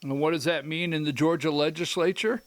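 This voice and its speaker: A man's voice: on the high side, steady tone, brisk. A man hosting a political commentary show who rambles, breaks into his own sentences and adds emphatic asides. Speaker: host.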